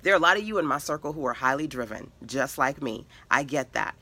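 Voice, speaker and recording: A woman's voice: a bass voice, expressive, fast, sharp tone. A middle-aged woman, a web designer and mentor, giving a motivational live-stream talk with emphatic, repetitive lists.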